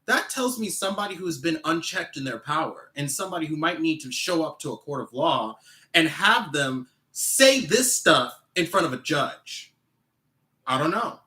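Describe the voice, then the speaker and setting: A man talking casually as a podcast guest, reading text messages aloud and reacting indignantly in an animated way. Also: a little high, moderate pace. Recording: echoey room.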